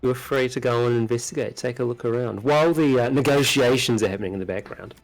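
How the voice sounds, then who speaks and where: A man acts as game master for a tabletop game, narrating and describing scenes unhurriedly in a mid-range voice. Faint music plays behind him.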